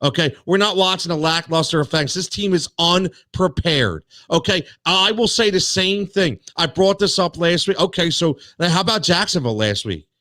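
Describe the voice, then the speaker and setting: Sports talk host, man, fired-up rant, higher voice, dry close sound. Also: expressive, normal speed, few pauses, bright, forceful tone, no echo. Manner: worked up, repeats words, many restarts.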